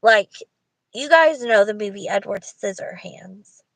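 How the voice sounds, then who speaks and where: A woman's voice: mid-range voice, expressive, unhurried, creaky, fairly bright tone, no echo, poor audio. A woman in casual livestream chat, rambling and thinking aloud to her viewers. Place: Walmart parking lot.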